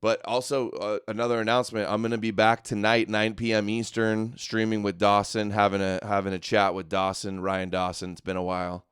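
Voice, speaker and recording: A man's voice: on the low side, little pitch movement, a little fast, hardly any pauses, fairly bright tone, clean tone, no echo. A man hosting a livestream with sarcastic, mocking commentary. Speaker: livestream host.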